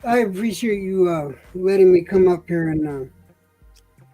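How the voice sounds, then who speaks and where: A man's voice: high voice, unhurried, dark tone, soft background music. A man speaking earnestly as a guest on a live stream, asking sincere questions. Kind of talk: candid live stream conversation.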